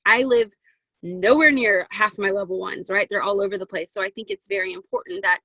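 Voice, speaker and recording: A woman in her twenties giving a chatty, excitable motivational talk to a sales team over a video call from her closet, with plenty of "um" and "right?". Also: mid-range voice, fairly quick, dry recording, low-quality recording. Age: 20s. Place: home walk-in closet.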